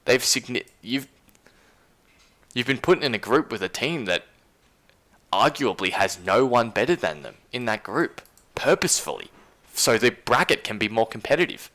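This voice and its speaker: A man's voice: mid-range voice, sing-song, moderate pace, pauses often, a bit bright. A man with an Australian accent hosting a casual live stream, rambling and incredulous as he reads chat aloud. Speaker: stream host.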